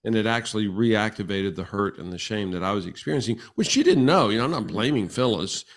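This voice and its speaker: A man in his sixties, a guest on a relationship podcast, telling stories in an animated way and acting out the quoted exchanges. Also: on the low side, fast. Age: 60s. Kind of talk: casual podcast conversation.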